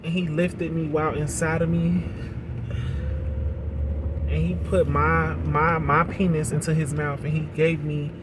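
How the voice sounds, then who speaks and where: A man telling a personal story to his viewers in a confessional storytime monologue, emotional and halting, often repeating words. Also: on the high side, little pitch movement, noisy background.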